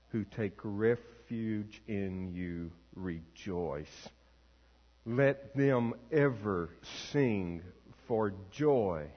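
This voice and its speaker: A man, a pastor, reading scripture aloud and leading prayer in a slow, measured, solemn way. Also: medium pitch. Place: church sanctuary. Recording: long reverb, dull lo-fi sound.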